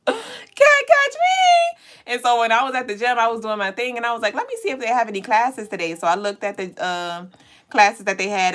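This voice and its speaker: A woman hosting a casual livestream, chatting with viewers and reading their comments. She talks in an animated way, laughs often, swears casually and sometimes breaks into high squeals. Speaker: livestream host.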